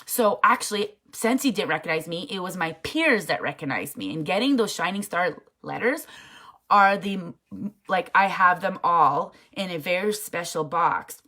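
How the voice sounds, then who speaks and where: A woman's voice: fairly low pitch, expressive, moderate pace, sharp tone. Emphatic, chatty woman giving motivational tips. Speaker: network marketing team leader. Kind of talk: casual motivational talk.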